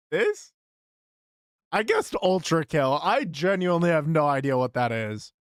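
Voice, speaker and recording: A man's voice: a little high, very animated, slow, smooth, dry recording, clean studio sound. A young man live-streaming, chatting to his viewers as he guesses games, muttering and swearing at misses. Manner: hums game tunes under his breath.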